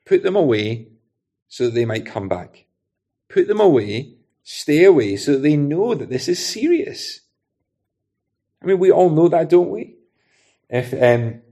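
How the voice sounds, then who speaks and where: A man's voice: medium pitch, a little mellow, slightly rough. A man preaching an expository sermon in a conversational way, often adding rhetorical tag questions.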